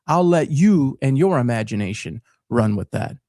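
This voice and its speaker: A man's voice: medium pitch, lively intonation, moderate pace, warm tone, no room sound, studio quality. A man in his fifties from Detroit with a Detroit accent, hosting a sports talk show in an earnest, emphatic, unscripted monologue. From Detroit, Michigan. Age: 50s. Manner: earnest, emphatic, repeats words as he builds his point.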